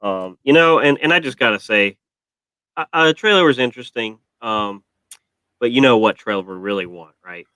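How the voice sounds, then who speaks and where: A man's voice: medium pitch, expressive, normal speed, sharp tone, clear, resonant tone, dry recording, poor audio. A man hosting a casual pop-culture react chat, joking and teasing his co-host.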